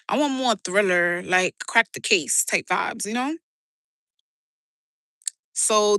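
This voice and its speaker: A woman's voice: a little high, pushed and bright, dry recording. A young woman with a New York accent, chatting casually on a livestream, slangy and laughing often as she answers her chat. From New York City. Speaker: live streamer reading chat.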